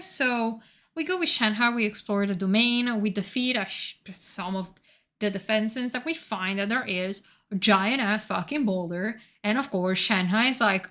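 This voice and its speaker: A woman streamer chatting casually on a live stream, excitable and profane, rambling while she searches her notes. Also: medium pitch, a little slow.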